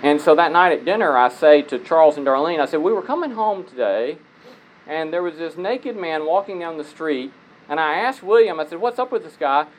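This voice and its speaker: A man's voice: fairly high pitch, lively intonation, a little fast, rough recording. A man speaking conversationally to an audience, telling personal stories and asking listeners rhetorical questions. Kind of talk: conversational lecture.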